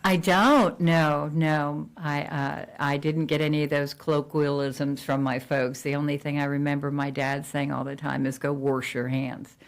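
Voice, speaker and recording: Low-voiced chatty middle-aged woman. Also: flat delivery, moderate pace, few pauses. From New Jersey. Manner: chatty, frequent fillers and restarts. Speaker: real estate agent. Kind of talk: casual interview chat.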